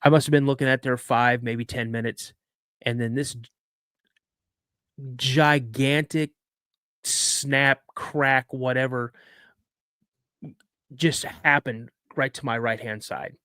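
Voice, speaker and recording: A man's voice: medium pitch, steady tone, takes it slowly, long pauses, a bit bright, clean tone, no room sound, clean studio sound. A man in his fifties, a podcast guest telling a personal story in a chatty way with many asides. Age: 50s. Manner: conversational, frequent "you know".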